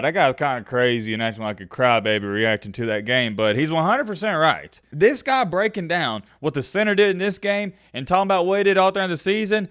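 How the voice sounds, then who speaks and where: High, animated ranting young man. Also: a little fast, hardly any pauses, smooth, no echo, clean studio sound. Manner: frustrated, emphatic ranting. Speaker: sports commentator vlogger. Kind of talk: heated sports rant.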